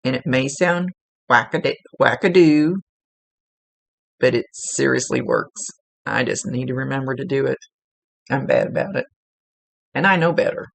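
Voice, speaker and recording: Psychic medium, woman, earnest and chatty, gravelly voice, dry close sound. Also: a bass voice, measured pace, long pauses, no room sound. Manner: earnest, chatty, repeats for emphasis. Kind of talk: spirit reading, relaying messages.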